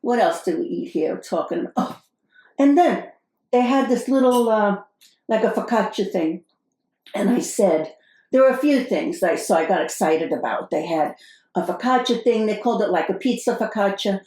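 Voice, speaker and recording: A woman's voice: mid-range voice, moderate pace, natural voice. Woman doing a fussy Brooklyn wife. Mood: exasperated. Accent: put-on New York (Brooklyn). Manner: exasperated, complaining, animated storytelling. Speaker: podcast co-host in character. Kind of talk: improvised comedy sketch. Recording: roomy echo.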